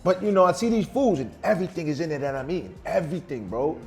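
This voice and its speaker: A man's voice: fairly high pitch, lively intonation, fast. A man in his forties or older, a vegan chef, talking casually and boastfully in loose street slang during an interview over a meal in a restaurant. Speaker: vegan chef and weight loss guest.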